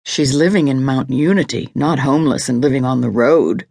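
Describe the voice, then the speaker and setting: Measured husband, low and gravelly, read by a woman narrator; storybook tone. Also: no room sound, studio quality, heavily acted. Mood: reasoning. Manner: calm, measured. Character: grown man, calm, measured husband.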